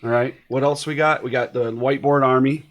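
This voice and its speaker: A man's voice: medium pitch, fairly even intonation, a little fast. A man hosting a live online show, chatting casually and laughing easily with his guest. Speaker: host. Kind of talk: casual live-stream chat.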